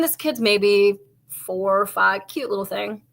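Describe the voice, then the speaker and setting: A woman's voice: mid-range voice, measured pace, creaky. A woman police officer co-hosting a casual chat show, telling stories in a loose, rambling way full of "like" and the odd swear word. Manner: chatty storytelling, heavy with "like", casual swearing. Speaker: podcast co-host and police officer.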